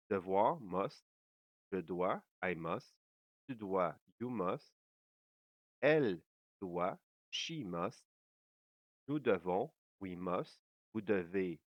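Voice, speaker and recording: A man giving a slow, careful language lesson, pausing often with fillers as he explains. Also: lowish voice, no room sound, highs cut off. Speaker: French teacher.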